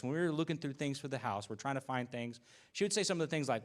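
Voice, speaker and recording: A male pastor giving a conversational sermon, telling relaxed stories full of fillers and asides. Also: a little high, rapid-fire.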